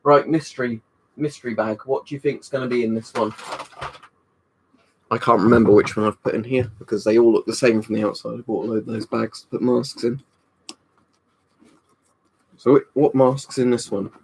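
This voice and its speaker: A man's voice: medium pitch, fairly even intonation, normal speed, long pauses, a little hiss or hum. A young man hosting a casual live stream from home, reading viewer comments in a rambling, chatty way, slightly tipsy from a drink. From United Kingdom. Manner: rambling and chatty, with frequent "um" and "you know". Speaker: livestream host. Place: room at home.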